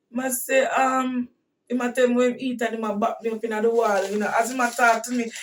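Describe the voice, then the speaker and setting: Animated Jamaican woman telling a story. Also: a little high, fast talker, far from the mic. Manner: animated, bursts into shouting at dramatic moments. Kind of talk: casual storytelling.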